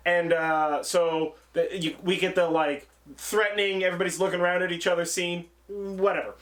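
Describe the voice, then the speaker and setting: Brief: high-pitched male host, loose profane movie recap, acts out scenes as he talks. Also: steady tone, moderate pace, a bit bright. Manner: rambling, swears freely, acts out scenes. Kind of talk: casual profane movie chat.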